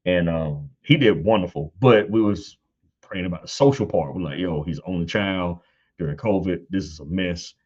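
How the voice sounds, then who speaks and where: Guest speaker, thirties, very low voice, lively storyteller who jumps up high for quotes; muffled lo-fi recording. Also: male voice, normal speed, husky. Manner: animated, laughs often, acts out quotes in high voice. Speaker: guest on church panel. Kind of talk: casual storytelling.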